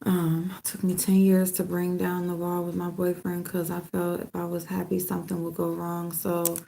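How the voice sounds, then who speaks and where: A woman's voice: lowish voice, completely flat delivery, moderate pace, gravelly, warm tone, a little hiss or hum. A woman vlogger chatting casually and loosely with her viewers, rambling and laughing often. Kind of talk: casual live chat with viewers.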